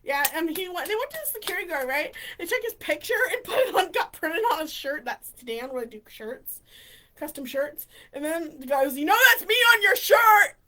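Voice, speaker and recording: An excitable woman vlogger rambles through funny stories, giggling as she goes. She often trips over herself and restarts. Her voice is high-pitched and bright. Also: brisk. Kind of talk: casual storytelling.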